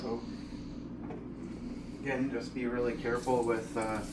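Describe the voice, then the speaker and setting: A home cooking channel host casually walks through a recipe while he cooks in his kitchen, chatting in a relaxed way with a friend beside him. His voice sits at a medium pitch and moves at a measured pace. The recording is noisy and echoey, taken from a distant mic, with pots, pans and dishes clattering in the background.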